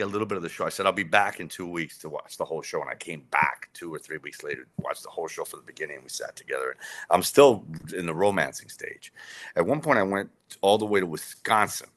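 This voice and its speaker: Interviewed casually, a documentary director rambles through a story with many fillers and restarts. His voice is low with a sharp tone.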